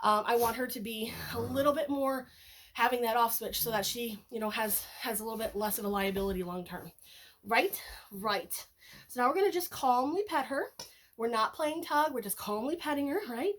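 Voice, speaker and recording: A woman with a high voice talks through a dog-training session in a loose, conversational way. She explains each step and now and then switches to cheerful sing-song praise for the puppy. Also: normal speed, a bit bright, slight background noise. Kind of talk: casual training demonstration.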